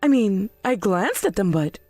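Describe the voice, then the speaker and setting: A woman voicing a self-righteous middle-aged mother in a scripted drama, shrill, demanding and defensive. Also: big pitch swings, moderate pace, mellow, no echo, soft background music. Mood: outraged.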